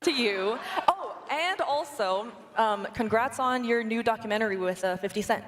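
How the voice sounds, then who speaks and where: Woman red carpet interviewer, slightly high voice. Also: animated, moderate pace, background noise. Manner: odd emphasis on words. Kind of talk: scripted interview banter.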